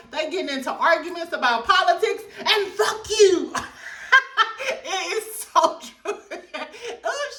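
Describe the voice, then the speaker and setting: A woman hosting a casual reality TV commentary show, talking in an animated, profane way and laughing often. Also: medium pitch, recorded from a distance. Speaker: show host. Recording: echoey room, set back from the mic.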